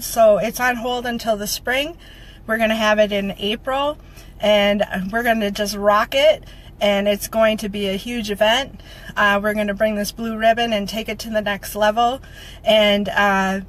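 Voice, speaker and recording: Woman vlogger, slightly high voice, emotional and rallying, repeats her lines for emphasis, close to tears. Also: low-quality recording. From Minnesota. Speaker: motivational vlogger. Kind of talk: heartfelt direct-to-camera update.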